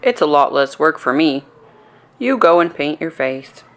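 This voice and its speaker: A woman reading aloud and voicing a boy's calm, easygoing father in a lowered voice. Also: a little slow, a little hiss or hum.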